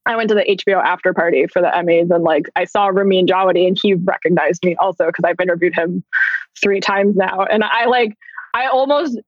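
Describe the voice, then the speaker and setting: A woman's voice: on the low side, steady tone, fairly quick, no echo. A woman author and journalist chatting as a podcast guest in a talkative, self-conscious way, peppering her speech with "like". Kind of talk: casual podcast interview. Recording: dull lo-fi dry sound.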